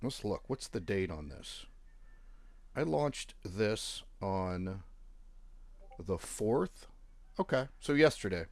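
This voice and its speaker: A forex trading channel host with a fairly low, very animated voice talks slowly, leaving long pauses, with no room sound. He casually walks viewers through charts and accounts in a screen-share, clicking along and tossing out offhand jokes.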